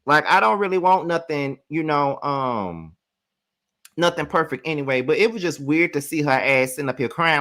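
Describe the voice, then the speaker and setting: A man hosting a live review of a reality show, talking bluntly and profanely in animated rants that climb to shrill exclamations when he gets worked up. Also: normal speed. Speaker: reality TV recap host.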